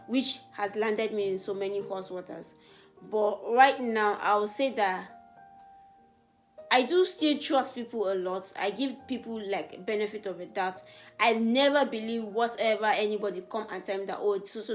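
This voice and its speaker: A young woman from Africa answers viewer questions in a relaxed, chatty way. She is earnest, and when something excites her, her voice climbs higher and louder. Faint music plays quietly behind her. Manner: animated, voice rises when excited. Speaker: beauty vlogger. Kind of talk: casual get-to-know-me Q&A.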